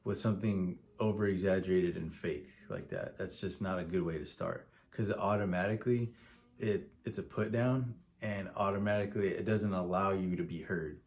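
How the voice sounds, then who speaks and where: A man's voice: sits low, normal speed, darkish tone. A man co-hosting a relationship advice podcast, talking frankly and earnestly with joking asides. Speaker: podcast co-host. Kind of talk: casual advice chat.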